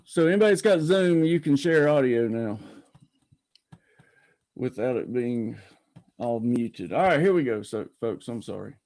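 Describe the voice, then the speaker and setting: A man hosts a casual call-in show with a mellow, relaxed tone and an easy, rambling flow. His voice sounds close and dry, with no room echo. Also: mid-range voice, a little slow, pauses often. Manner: folksy, rambling, greets viewers by name. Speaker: podcast host. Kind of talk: casual live-stream chat.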